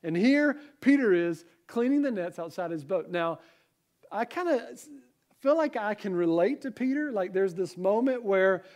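High-voiced Southern pastor preaching. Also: male voice, expressive, normal speed, darkish tone. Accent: Southern American. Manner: conversational preaching with rhetorical questions. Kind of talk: sermon.

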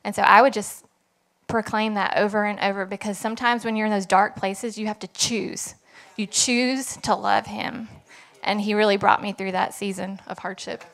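A woman sharing a personal testimony in church, hesitant and a little nervous, with many pauses. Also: mid-range voice, flat delivery, a bit bright. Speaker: congregation member giving testimony.

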